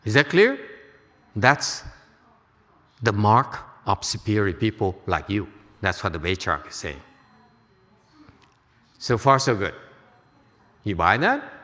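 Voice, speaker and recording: A man's voice: on the low side, sing-song, slow pace, pauses often, fairly bright tone, big-room sound. A man teaching at a temple, giving a Buddhist lecture to an audience, joking and checking they follow. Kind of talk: dharma lecture.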